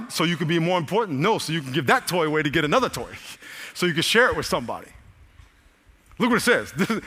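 A male pastor preaching a sermon, swinging between shouted lines and soft, gentle asides. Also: high voice. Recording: live sermon with long hall reverb.

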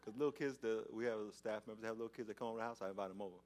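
A man's voice: lowish voice, rapid-fire. A male pastor preaching a sermon, telling stories with acted-out scenes, often repeating and restarting his words. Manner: animated storytelling, acts out scenes.

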